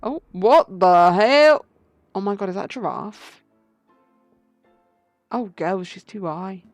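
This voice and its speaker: A chatty woman streamer teasing her viewers between bits of a game. Her voice sits at an ordinary pitch, with a dry, close sound and faint music behind. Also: animated, takes it slowly, no echo. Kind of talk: casual chat during a game playthrough.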